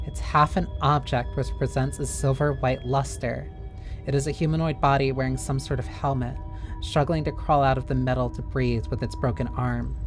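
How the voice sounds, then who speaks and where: A streamer playing a story game live, reading its text aloud and chatting with frequent fillers, with faint music behind. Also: mid-range voice.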